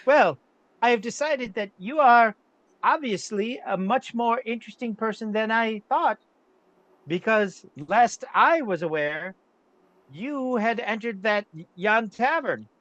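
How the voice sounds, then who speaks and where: A man's voice: high voice, animated, unhurried, a bit bright, dry recording, lo-fi sound. A man putting on a small, sly, courtly rogue. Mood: sly flattering. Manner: fumbling, overly formal speech full of restarts.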